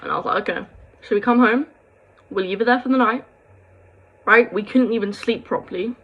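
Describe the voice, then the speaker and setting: A woman's voice: on the high side, fairly quick, long pauses, highs cut off. A young woman, rambling through a sad personal story to camera, full of quoted dialogue and sighs. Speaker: vlogger.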